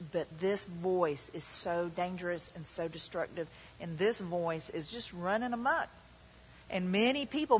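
Her mid-range voice rings with the long reverb of a church hall, and a little hiss or hum sits underneath. She is a pastor preaching with emphatic delivery, voicing the tempter's words in quotes.

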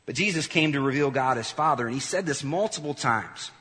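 Emphatic preacher man in a reverberant hall. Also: medium pitch. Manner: animated, emphatic, quick asides to the congregation. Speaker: pastor. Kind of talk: sermon.

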